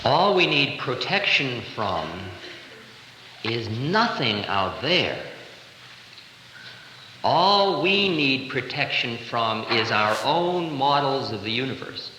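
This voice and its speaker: Animated man lecturing in an echoey hall. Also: medium pitch, takes it slowly, slight background noise. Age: 30s. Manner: animated, playful, conversational. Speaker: spiritual teacher. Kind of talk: spiritual lecture. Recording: echoey 1970 live hall recording.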